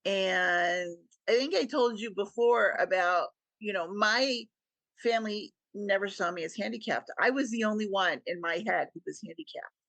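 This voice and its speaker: Gravelly middle-aged woman telling her story. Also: medium pitch, normal speed, a bit bright, no room sound. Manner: earnest storytelling, acts out quoted dialogue. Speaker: podcast guest. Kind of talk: personal story in an interview.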